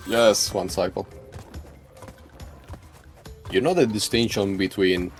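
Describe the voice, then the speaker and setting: A man with a low, deep voice banters casually beside a speedrun, joking and holding firm opinions. Faint game music plays under his talk. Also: steady tone, takes it slowly, pauses often. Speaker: speedrun co-commentator. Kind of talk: casual chat over gameplay.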